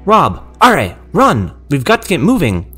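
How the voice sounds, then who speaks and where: Brief: a narrator playing a scared doctor in an audio horror story, shouting and urgent. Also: male voice, on the high side, very animated, normal speed, faint music behind, voice pushed up. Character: male doctor, panicked, urgent.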